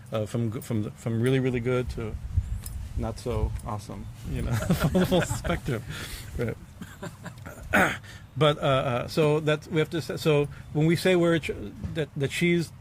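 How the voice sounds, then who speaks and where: Male swami, gravelly voice, informal halting discourse with frequent fillers and bursts of emphasis, faint background hiss. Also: medium pitch. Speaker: swami giving a scripture class.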